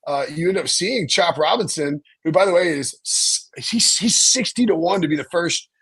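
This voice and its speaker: Podcast host, man, husky, slightly high voice, rambling casual sports talk. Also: expressive, normal speed, a bit bright. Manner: rambling, lots of restarts and fillers.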